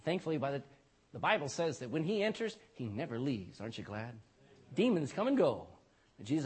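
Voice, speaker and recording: A man's voice: mid-range voice, sing-song, a little fast, a little mellow, slightly rough. A man preaching a sermon in an emphatic style, often tagging lines with "amen" and asking the congregation questions. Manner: emphatic, repeats "amen" and "you know". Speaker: pastor.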